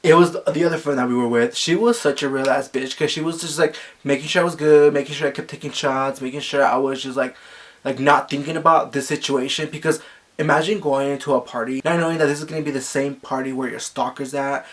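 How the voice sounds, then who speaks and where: A young man telling a story casually, animated and gossipy, filling his talk with "like" and acting out the quotes loudly. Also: quick pace. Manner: animated, acts out quotes with sharp jumps in pitch and volume; gossipy, frequent "like" fillers. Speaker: vlogger.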